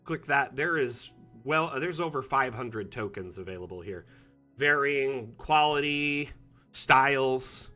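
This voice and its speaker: A man's voice: mid-range voice, lively intonation, a little slow, bright, forceful tone, soft background music. A middle-aged man chatting casually on a live stream, with many fillers and restarts. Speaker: community manager streaming a map build.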